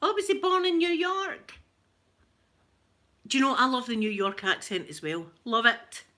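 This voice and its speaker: A Scottish woman with a rough voice, chatting casually and laughing as she tells stories to viewers on a live stream. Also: on the high side, very animated, moderate pace, sharp tone. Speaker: livestream host chatting with viewers.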